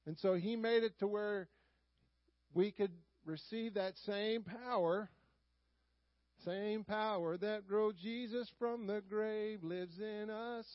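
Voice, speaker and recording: High-voiced Southern preacher. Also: male voice, no echo, muffled recording. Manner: folksy, calls "Amen?" to the congregation. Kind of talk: sermon.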